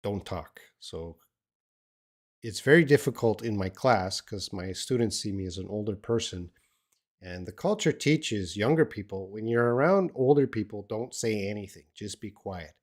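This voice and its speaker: An older Australian man with a lowish voice talks through learners' questions in a live English lesson. He rambles in a relaxed way, with plenty of "uh" and restarts. His tone is unhurried and conversational. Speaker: English teacher.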